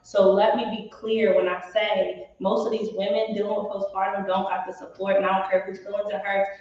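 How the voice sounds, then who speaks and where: A woman's voice: mid-range voice, level tone, brisk. A woman in her late twenties speaks with emphatic, candid conviction, often checking in with "you know what I'm saying". She sounds far from the mic in a very echoey room, and the audio is dull and lo-fi. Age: late 20s. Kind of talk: candid casual chat.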